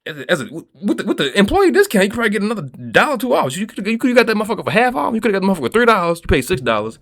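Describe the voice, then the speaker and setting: Man, lively swooping voice, rambling vlog rant, profane, streetwise. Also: sits high, rapid-fire. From Kentucky. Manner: streetwise, profane, keeps asking "you feel me". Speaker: vlogger.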